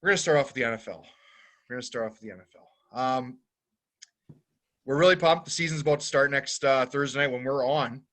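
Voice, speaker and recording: A man's voice: medium pitch, quick pace, a bit bright. Man rattling off a loose sports rundown. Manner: loose, filler-heavy rundown of sports news. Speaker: podcast co-host. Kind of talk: casual sports talk.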